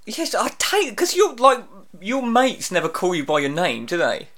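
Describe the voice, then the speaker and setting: A man hosting a radio show, his voice sitting a touch high. He talks in dry, rambling casual banter and acts out the people in his stories. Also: huge pitch swings, moderate pace, a bit bright. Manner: dry, rambling storyteller, mimics people in anecdotes.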